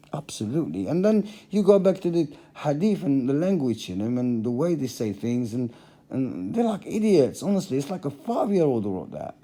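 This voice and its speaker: A man's voice: medium pitch, creaky, mellow. A middle-aged man giving a passionate monologue to camera, repeating phrases for emphasis. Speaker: religious vlogger.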